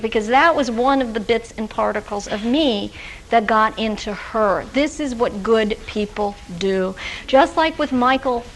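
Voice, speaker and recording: Gravelly-voiced woman giving a workshop lecture. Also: on the high side, measured pace, a little hiss or hum, low-quality recording. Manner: conversational, with frequent fillers and restarts. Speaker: workshop presenter for social workers. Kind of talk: recorded workshop lecture with personal anecdotes. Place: lecture room with a live audience.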